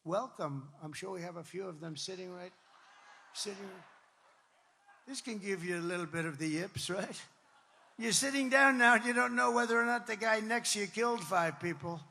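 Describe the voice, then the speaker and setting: Gravelly, emphatic man at a rally. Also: high voice, normal speed. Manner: emphatic, repetitive, rambling asides, bursts of shouting. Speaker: political candidate addressing supporters. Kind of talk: campaign rally speech. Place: large rally venue with crowd. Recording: long reverb from a rally venue.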